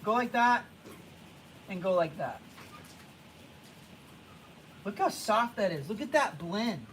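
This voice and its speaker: Man, high voice, casual halting art teacher, faint classroom hum. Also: animated, rough recording. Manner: casual, halting, repeats himself, hushes the class. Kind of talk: classroom drawing lesson.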